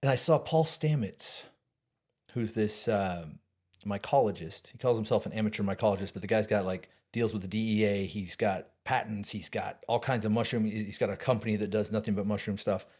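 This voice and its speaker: A man guest telling a long personal story in casual talk, animated, swearing and restarting often. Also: fairly low pitch, fairly quick. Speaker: podcast guest.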